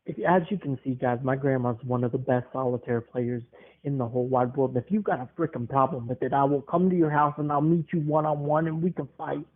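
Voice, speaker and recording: A man in his twenties hosts a podcast, rambling through stories with chuckles in a casual monologue. His voice is mid-range, fairly even in intonation and brisk, and the recording sounds tinny and lo-fi, like a phone.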